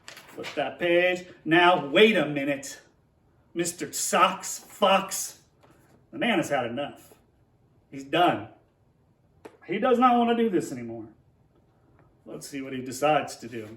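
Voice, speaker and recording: A man's voice: fairly high pitch, animated, takes it slowly, pauses often, a bit bright, echoey room, far from the mic. A man teaching young children, playfully reading a tongue-twister picture book aloud and then explaining a math lesson at a board.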